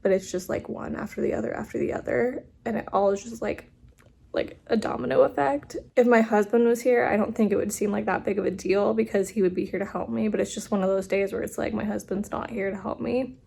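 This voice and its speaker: Husky-voiced woman venting in a vlog. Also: medium pitch, steady tone, fairly quick, a little mellow. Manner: chatty, venting, filler-heavy. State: emotional, near tears. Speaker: vlogger. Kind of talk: casual home vlog chat.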